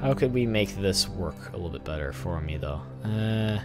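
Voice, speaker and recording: A young man talks through a game in loose, rambling let's play commentary, filling every pause with chatty asides. His voice sits fairly low. Game music runs clearly under his voice. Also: lively intonation. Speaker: gaming channel host.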